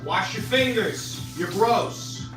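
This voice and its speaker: A man's voice: sits high, expressive, slow. Brash, foul-mouthed man cooking at home. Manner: profane, joking, brash and chatty. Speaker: home cook vlogger. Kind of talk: casual cooking chat to camera. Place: home kitchen. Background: music.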